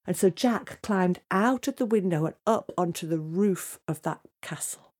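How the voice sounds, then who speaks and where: Lively woman telling a children's tale. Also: on the low side, normal speed. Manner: lively, dramatic, drops to hushed tones for suspense. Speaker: storyteller. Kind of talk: oral storytelling for children.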